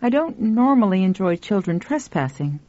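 A stern, querulous older spinster, put on by a woman reading aloud. Her talk is clipped and animated, in a dry, slightly muffled reading. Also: mid-range voice, normal speed, dry recording, natural voice. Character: thin graying older spinster, stern, prickly.

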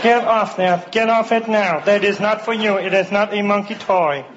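A man's voice: sits high, fairly even intonation, moderate pace, lo-fi sound, over a noisy crowd, very noisy, natural voice. A man doing a stiff, formal impression of a famous scientist in a stand-up set. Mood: deadpan. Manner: stiff, formal, evenly spaced words.

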